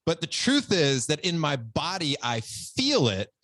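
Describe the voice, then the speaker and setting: A man's voice: on the high side, big pitch swings, a little slow, a bit bright, no echo. A middle-aged man hosting a podcast, telling stories with enthusiasm in a casual chat. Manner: enthusiastic storytelling, says "dude" a lot. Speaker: podcast host.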